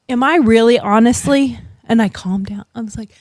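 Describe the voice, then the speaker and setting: Casting: American woman, slightly high voice, blunt, swears a lot, dry close sound, casual storytelling. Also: moderate pace, few pauses, dry recording. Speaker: podcast host. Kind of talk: casual chat.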